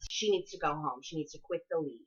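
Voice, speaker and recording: A woman's voice: sits low, fast talker. A woman co-hosting a casual movie podcast, recapping scenes and acting out lines from the film. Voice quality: animated, acts out quotes from the film. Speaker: podcast co-host. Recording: slightly dull lo-fi audio.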